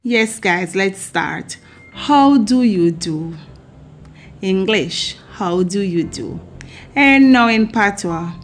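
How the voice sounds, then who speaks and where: A Jamaican woman vlogger giving a casual language lesson, repeating phrases slowly and playfully for learners. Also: medium pitch, expressive, soft background music. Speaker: vlogger teaching Patois.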